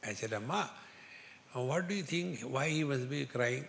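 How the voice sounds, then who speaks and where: A man speaking English with an Indian accent, giving a spiritual discourse as a teacher, telling humorous stories slowly and chanting Sanskrit verses. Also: medium pitch, expressive, vocal fry, fairly bright tone. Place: lecture hall with an audience. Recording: long hall reverb, faint noise.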